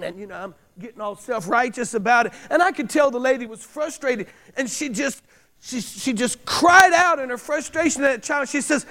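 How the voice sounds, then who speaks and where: A middle-aged man preaching a sermon, repeating key lines and driving points home with loud bursts. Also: very high-pitched, normal speed. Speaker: pastor.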